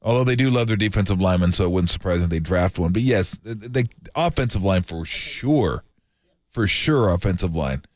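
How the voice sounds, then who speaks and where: A male co-host with a lowish voice talks through football roster needs in a relaxed, rambling way. He hesitates and restarts often, and his studio microphone sounds close and dry. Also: brisk, no echo. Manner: loose, filler-heavy, conversational. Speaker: radio sports talk co-host. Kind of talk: sports radio analysis.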